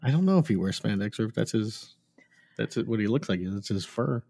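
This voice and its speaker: A man's voice: on the low side, lively intonation, a little fast, gravelly, dark tone. A man co-hosting a podcast, chatting casually and making wry jokes about a cartoon. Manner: wry, jokey asides. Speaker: podcast co-host. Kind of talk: casual chat recapping a cartoon.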